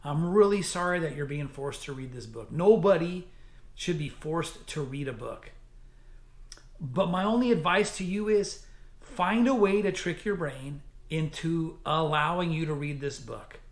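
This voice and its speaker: A man's voice: fairly high pitch, expressive, unhurried. A man giving a casual, enthusiastic spoken book review, chatty, with many fillers and restarts. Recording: echoey room.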